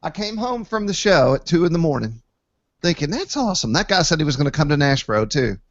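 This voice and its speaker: A man hosting a casual online hangout, telling stories with lively jumps in pitch when he quotes people. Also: a little fast, no echo, highs cut off. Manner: animated storyteller, jumps to high pitch when quoting people. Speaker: host, site admin. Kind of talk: casual chat, storytelling.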